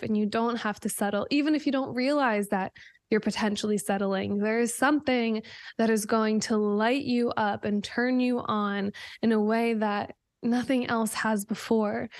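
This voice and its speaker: A woman's voice: a little high, no echo. A woman hosting a podcast, talking earnestly about spiritual growth and sometimes swearing casually. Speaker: podcast host. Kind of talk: casual conversation.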